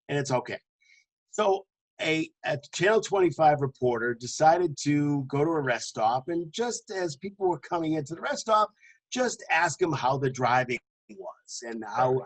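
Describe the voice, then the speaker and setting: Male co-host, a touch high-pitched, chatty storyteller who laughs between restarts. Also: poor audio. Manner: jokingly puts on a booming announcer voice. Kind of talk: casual podcast chat.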